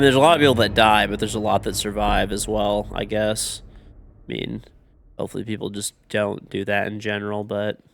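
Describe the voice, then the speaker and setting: Male game streamer, lower voice, blunt profane banter. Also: gravelly, fairly bright tone. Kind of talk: casual live gaming commentary.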